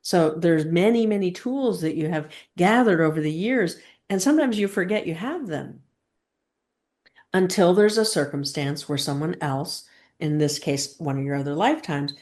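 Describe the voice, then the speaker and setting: A woman leading a channeling session, speaking as a collective "we" and asking gentle probing questions. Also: lowish voice, normal speed.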